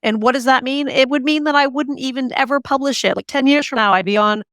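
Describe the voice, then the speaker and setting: A woman author as an interview guest, talking in an animated, chatty way with many fillers and restarts. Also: sits high, fast, no echo. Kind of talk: conversational interview.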